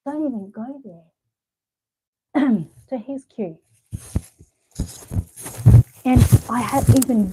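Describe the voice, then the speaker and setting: Australian woman, casual home vlogger, mellow, unhurried, chatty, half-hushed at times. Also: fairly high pitch, slightly rough, no echo. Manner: chatty, rambling, often drops to a hushed voice. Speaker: vlogger showing reborn dolls. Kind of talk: casual show-and-tell chat. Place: home bedroom.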